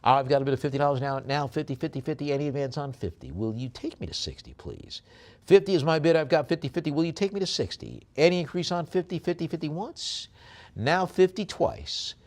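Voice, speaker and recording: A man working as a live auctioneer, reading out lot descriptions and then rattling off fast bid calls. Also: fairly high pitch, expressive.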